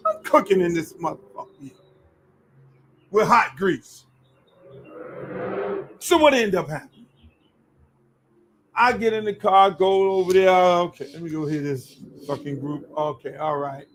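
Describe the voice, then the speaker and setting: A middle-aged man hosting his own show, telling casual stories in an animated, profane way. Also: high-pitched, moderate pace, pauses often, slight background noise, poor audio. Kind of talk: casual storytelling.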